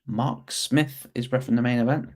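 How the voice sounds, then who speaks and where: A man's voice: mid-range voice, fairly even intonation, moderate pace. A young man hosting a fight watch-along, chatting casually to his viewers and stumbling over his words as he comments.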